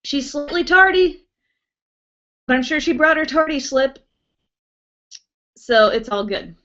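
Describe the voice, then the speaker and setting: A woman's voice: sits high, animated, measured pace. A young woman chatting casually on a live stream at home, reading out viewer comments and giggling often. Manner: chatty, giggly, reacts brightly to viewer names. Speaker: beauty vlogger hosting a live stream. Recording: muffled, lo-fi webcam audio.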